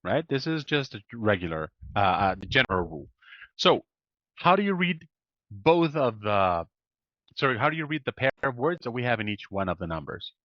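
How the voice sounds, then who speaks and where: A man's voice: mid-range voice, very animated, normal speed, dry recording. Man teaching pronunciation over a video call. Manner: encouraging, explains patiently with frequent "right?". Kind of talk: online one-on-one lesson. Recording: dull lo-fi video call audio.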